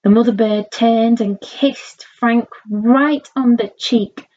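A woman reads a children's story aloud, slow and expressive. Her pace is unhurried, and her voice sits in a middle register. The recording is slightly dull and lo-fi. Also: a little high.

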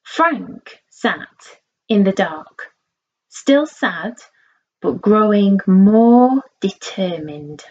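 Woman reading a kids story real slow and expressive, slightly muffled lo-fi sound. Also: mid-range voice, husky. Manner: slow, expressive read-aloud. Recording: slightly dull lo-fi recording.

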